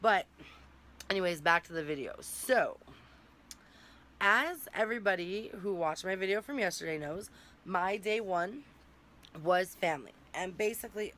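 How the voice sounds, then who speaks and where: A woman's voice: on the low side, normal speed, pauses often, a bit bright. Candid young woman vlogging, faint hiss. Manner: candid, rambling, tearful at times. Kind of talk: emotional personal vlog.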